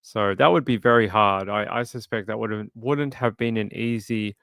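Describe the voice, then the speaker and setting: A man's voice: on the low side, moderate pace, fairly bright tone, no room sound, studio quality. A man hosting a true crime livestream, chatting casually and reading viewer comments aloud with sympathy. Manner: conversational, sympathetic, reads chat aloud.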